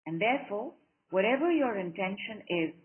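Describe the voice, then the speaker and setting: A woman leads a group session over a call, warm in her encouragement and fond of repeating a line over and over. Her voice comes through thin and phone-like, and it sits at an ordinary pitch for a woman. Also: expressive, moderate pace. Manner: encouraging, affectionate, repeats phrases rhythmically. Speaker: spiritual coach leading a group call. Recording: narrow phone-like call audio.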